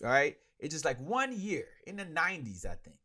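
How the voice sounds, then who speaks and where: A man's voice: a little high, wildly swooping pitch, brisk, pushed and bright. A man hosting his own podcast, ranting and joking in casual solo sports talk. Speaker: podcast host.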